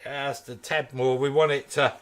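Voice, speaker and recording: Speaking in a mid-range, fairly bright voice with little pitch movement and a moderate pace, a man hosts a woodturning video. He's from East London, has a Kent English accent, and keeps up casual, joking live-demo chat while answering viewer comments mid-work.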